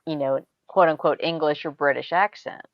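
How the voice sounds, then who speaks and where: A middle-aged American woman telling stories in a relaxed group chat, laughing often and trailing off into asides. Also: low voice, dry recording, dull audio. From United States. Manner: chatty storyteller, quick laughs, trailing asides. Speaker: show host. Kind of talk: casual chat.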